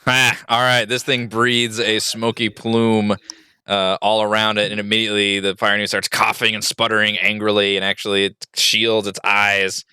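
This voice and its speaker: A man runs a tabletop game in a low, bright, smooth voice. He narrates loosely with many fillers, recorded dry and close. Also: normal speed, no echo. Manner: relaxed, full of fillers and hedges. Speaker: dungeon master.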